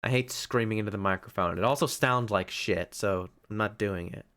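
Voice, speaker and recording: A man's voice: on the low side, fairly quick, fairly bright tone. A man commenting jokingly and sarcastically while reading a game live from his room. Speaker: streamer. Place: home room. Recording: game music behind.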